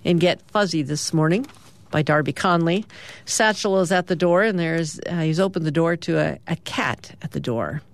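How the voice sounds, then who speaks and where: A woman hosting morning radio, reading the comics aloud in a relaxed, chatty way with fillers. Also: sits low, normal speed. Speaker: radio host.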